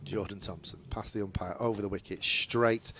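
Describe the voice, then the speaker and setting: Low-voiced male cricket commentator. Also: moderate pace, a little hiss or hum. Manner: lively on boundaries, chatty between balls. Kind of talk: ball-by-ball radio commentary.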